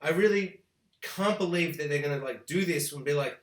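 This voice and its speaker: Man, high bright voice, profane animated rant, echoey room. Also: normal speed. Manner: animated, profane, exaggerated ranting. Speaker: TV review host. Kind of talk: ranting spoiler review.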